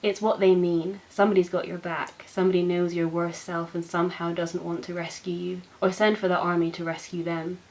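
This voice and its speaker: Expressive young woman reading poems. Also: fairly low pitch, brisk, few pauses, low-quality recording. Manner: expressive, self-mocking. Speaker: book channel host. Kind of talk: poetry reading.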